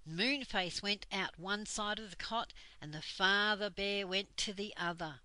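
Older woman reading a kids' book aloud, very slow, bright and close, dry sound. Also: mid-range voice, no echo, poor audio. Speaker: storyteller.

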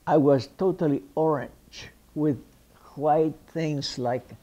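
A man from Cuba tells stories from his career in an interview. He speaks English with a Cuban Spanish accent and a mellow, warm tone, and he acts out the people in his stories as he goes. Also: fairly high pitch, takes it slowly, dull audio. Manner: lively raconteur who acts out the people he quotes. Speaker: interviewee, actor. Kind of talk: anecdotal storytelling interview.

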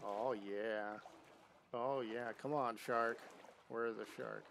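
Gravelly guy streaming a game, talks slow, chats at rocks and stuff. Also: on the low side, flat delivery, fairly bright tone, soft background music. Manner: chatty, talks to in-game objects. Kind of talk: live gameplay commentary.

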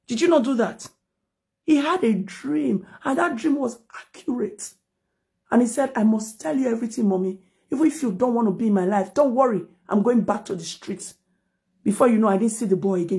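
A middle-aged woman with a Nigerian accent, delivering a heated, accusing rant on a livestream that slips into pidgin and rises to shouts. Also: fairly high pitch, moderate pace. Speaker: social media commentator.

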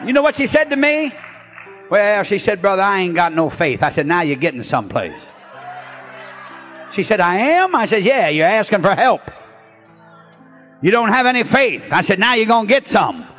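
A man, a pastor preaching a revival sermon to a congregation in church, telling folksy stories and shouting drawn-out refrains. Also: high-pitched, sing-song, faint music behind.

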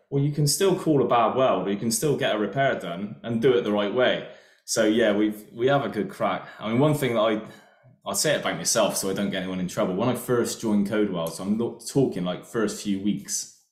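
A man's voice: on the low side, roomy sound. A man, a welding inspector, telling casual, self-mocking work anecdotes as a podcast guest. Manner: chatty anecdotes, laughs at himself. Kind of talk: casual storytelling.

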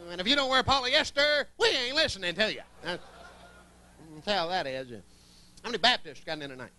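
Bright-voiced Southern man doing stand-up. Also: high-pitched, lively intonation, moderate pace, pauses often. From Columbus, Georgia, US. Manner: folksy, drawling, wisecracking. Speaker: stand-up comedian. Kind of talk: stand-up comedy set. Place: comedy club stage.

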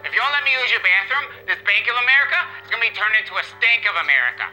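A man's voice: high voice, sing-song, rapid-fire, sharp tone, faint music behind, rough recording. A young man in a comedy sketch, rambling in a panicked, whiny, crude way.

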